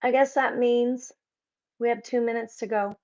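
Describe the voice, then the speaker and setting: A woman hosting a casual live chat, reading out viewers' comments and joking around with a quick laugh. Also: fairly high pitch, steady tone, a little mellow. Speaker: livestream host. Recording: slightly dull lo-fi stream audio.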